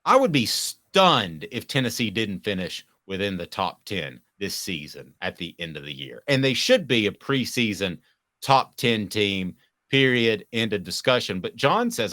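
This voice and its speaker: A man's voice: fairly low pitch, unhurried, dry recording, studio quality. A man hosting a casual sports talk podcast, asking questions and giving his takes. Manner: lively, reads a sponsor spot.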